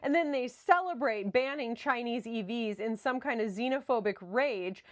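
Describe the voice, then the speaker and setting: A woman's voice: on the high side, moderate pace. A woman giving sarcastic opinion commentary to camera, building her argument.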